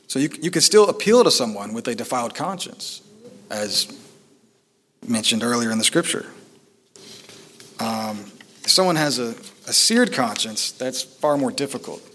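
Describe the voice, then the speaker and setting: A man's voice: mid-range voice, a bit bright. A middle-aged man preaching a sermon in a conversational way, with fillers and light asides.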